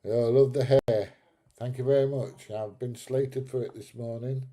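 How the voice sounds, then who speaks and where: A man's voice: medium pitch, steady tone, takes it slowly, pauses often, warm tone. A middle-aged man hosting a live stream, chatting casually and bluntly, swearing and laughing at his own jokes. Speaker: live stream host reading chat.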